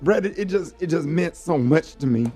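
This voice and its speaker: Middle-aged morning radio host, high-pitched guy, talks earnest and heartfelt, says "man" a lot. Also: lively intonation, normal speed, warm tone, slightly rough, soft background music. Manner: earnest, heartfelt, fills talk with "man" and "you know". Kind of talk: storytelling on a morning show.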